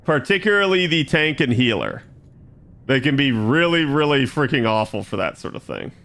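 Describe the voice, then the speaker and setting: A man's voice: mid-range voice, expressive, moderate pace, fairly bright tone. A man streaming himself playing an online game, chatting loosely with his viewers. He rambles, corrects himself and swears casually. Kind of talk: casual live-stream gaming chat.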